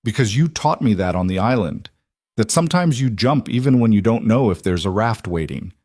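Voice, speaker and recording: A man reading as a wary, wounded young woman who survived a crash, voiced low. She talks hesitantly and vulnerably. The sound is dry and close. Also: lively intonation, a little fast, a little mellow, no echo. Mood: vulnerable.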